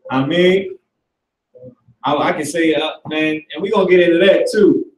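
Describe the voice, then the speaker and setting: A man's voice: fairly high pitch, moderate pace, echoey room, far from the mic, low-quality recording. A man teaching a casual live language class, loose and slangy, with some swearing.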